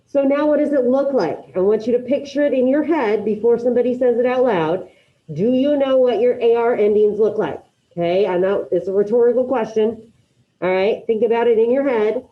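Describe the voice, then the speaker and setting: A high school Spanish teacher with a fairly high voice teaches a class online, speaking fairly quickly. She calls on students by name and encourages their answers. The sound is dull, lo-fi video call audio.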